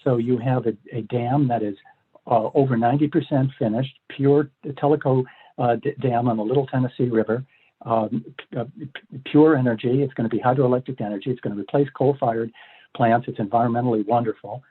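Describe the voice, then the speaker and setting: Older male law professor, husky, measured, phone-quality audio. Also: medium pitch, steady tone. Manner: measured, many fillers and restarts. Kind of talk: explanatory interview talk. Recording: phone-like line.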